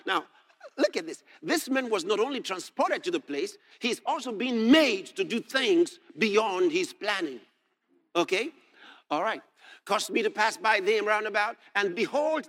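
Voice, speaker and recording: Guy preaching, high pitched, voice jumps all over, gets loud reading verses. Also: unhurried. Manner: animated, rising to shouts on scripture. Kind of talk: sermon reading and expounding scripture.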